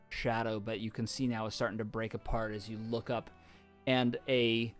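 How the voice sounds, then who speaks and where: A man narrating as game master of a tabletop game, halting with many ums and restarts. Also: medium pitch, a bit bright.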